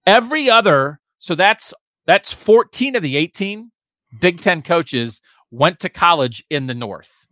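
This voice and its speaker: Animated, lively sports talker. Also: male voice, high voice, a little slow, dry recording, studio quality. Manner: animated, emphatic, sarcastic asides. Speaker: sports podcast co-host. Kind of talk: opinionated sports talk.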